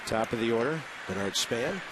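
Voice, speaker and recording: A man calling baseball play-by-play from a ballpark booth, brisk and conversational with wry asides. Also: medium pitch, lively intonation, a crowd in the background. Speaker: play-by-play announcer. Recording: noisy broadcast audio.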